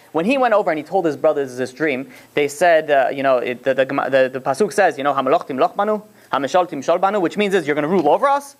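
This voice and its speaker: Fast-talking man teaching a story. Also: fairly high pitch. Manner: rambling, many fillers and restarts. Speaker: Torah teacher. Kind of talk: casual storytelling lesson.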